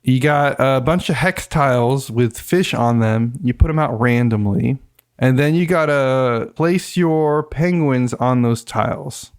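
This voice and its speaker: A man's voice: mid-range voice, measured pace, clear, resonant tone. A man co-hosting a board game podcast in loose, joking banter. He laughs easily and keeps the talk playful. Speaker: podcast host. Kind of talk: casual chat.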